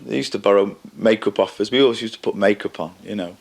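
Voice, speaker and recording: An older man reminiscing casually in an interview, halting and repeating words, often chuckling. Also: on the low side, gravelly. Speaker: interviewee, band member.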